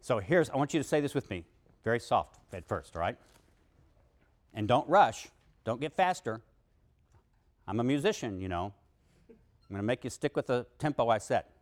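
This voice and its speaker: Animated male lecturer with a lively voice. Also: mid-range voice, normal speed, pauses often. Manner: animated, leads the class in chanting then explains. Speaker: university lecturer. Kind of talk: classroom lecture.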